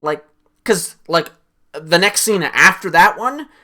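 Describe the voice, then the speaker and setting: A man giving a rambling, swear-filled casual recap of a film he just watched, his voice jumping up when excited. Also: sits high, takes it slowly. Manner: animated, voice jumps up when excited. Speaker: streamer.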